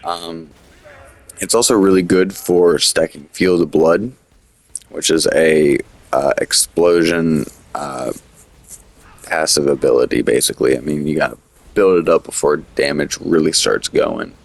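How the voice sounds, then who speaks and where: Very deep, gravelly-voiced man commenting on a game. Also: a little slow. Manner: loose, rambling, full of fillers and restarts. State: has the hiccups. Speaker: gaming commentator. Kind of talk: casual gameplay commentary.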